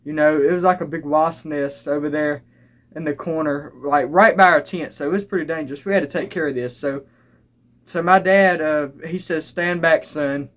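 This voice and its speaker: A young man telling comic stand-up stories, rambling and halting with frequent restarts. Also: on the high side, a bit bright. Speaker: stand-up comedian. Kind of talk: stand-up comedy storytelling. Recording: live crowd laughter and noise. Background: audience laughing.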